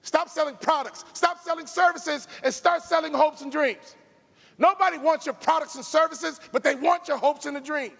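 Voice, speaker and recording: Emphatic gravelly-voiced keynote speaker. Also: male voice, extremely high pitch, a little fast. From Chicago, US. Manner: emphatic, preacher-like cadence with shouted peaks. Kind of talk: motivational keynote. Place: large event arena stage. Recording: long hall reverb from live arena.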